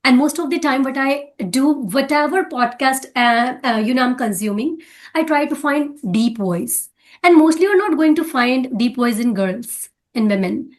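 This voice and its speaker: A woman's voice: sits high, expressive, moderate pace. A woman with an Indian English accent, coaching in a casual talk about speaking English and often checking in with "right?".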